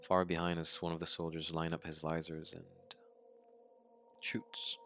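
An actor playing a haunted young man who survived a massacre, retelling it in a halting, stammering way in an audio drama monologue. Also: deep voice, completely flat delivery, a bit bright, a little hiss or hum. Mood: grim. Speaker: survivor recounting his story.

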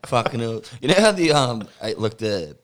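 A man's voice: mid-range voice, sing-song, normal speed. An Australian man telling a rowdy story in casual banter, swearing constantly and laughing as he goes. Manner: swears constantly, laughs through stories, acts out quotes loudly.

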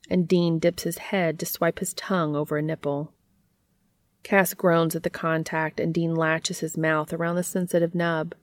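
A woman reading fan fiction aloud in a steady, intimate storytelling manner. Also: fairly low pitch, no room sound.

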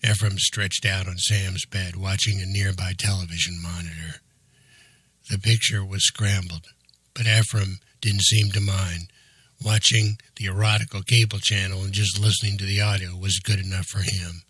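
A man narrating an audiobook in a steady, even storytelling manner. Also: deep voice, normal speed, slightly rough, no echo.

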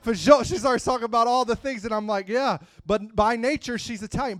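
High-voiced preacher, quiet to loud. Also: male voice, a little fast, few pauses, no echo, studio quality. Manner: calls out to the congregation. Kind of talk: sermon.

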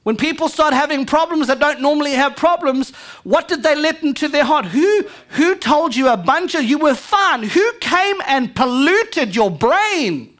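A woman pastor preaching a live church sermon, energetic and calling out to the congregation. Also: sits high, measured pace. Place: church sanctuary.

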